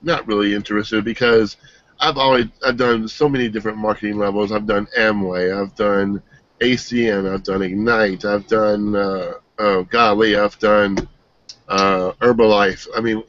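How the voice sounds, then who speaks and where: A man giving an earnest, emotional personal testimonial, halting and restarting as he speaks. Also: on the low side, steady tone, a bit bright. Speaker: team member giving a testimonial. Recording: dull, dry lo-fi sound.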